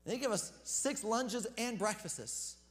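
High-voiced man preaching in a reverberant hall. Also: measured pace, faint music behind. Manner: conversational, joking, repeats words when excited. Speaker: pastor. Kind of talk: casual sermon.

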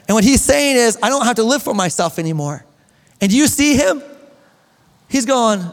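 A man preaching a sermon to his congregation in a church, energetic and building to near-shouts. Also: sits high, brisk. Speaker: pastor. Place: church sanctuary. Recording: long reverb of a hall.

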